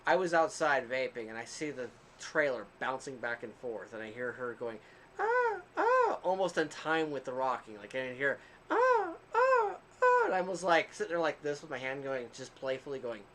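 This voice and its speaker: A man's voice: mid-range voice, brisk, few pauses, slight background noise. A man co-hosting a casual podcast, telling a long rambling story with frequent laughs and asides. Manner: self-described quieter one. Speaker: podcast co-host.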